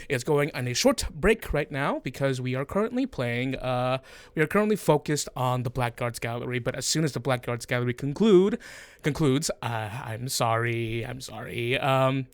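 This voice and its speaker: A man's voice: mid-range voice, no echo. A man hosting a tabletop game show as its narrator, joking and laughing through rambling announcements. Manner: goofy, laughing, rambling with fillers. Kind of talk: casual chat and show intro.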